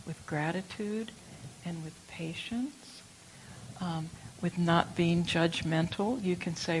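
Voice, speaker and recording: An older woman giving a reflective Buddhist dharma talk, telling stories gently. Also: fairly low pitch, slight background noise, poor audio. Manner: slow, reflective, gentle storytelling. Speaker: Buddhist teacher.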